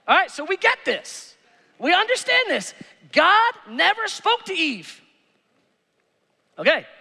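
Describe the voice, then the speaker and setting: A pastor preaching an animated, conversational sermon with playful asides. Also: male voice, extremely high pitch, long reverb tail. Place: church sanctuary.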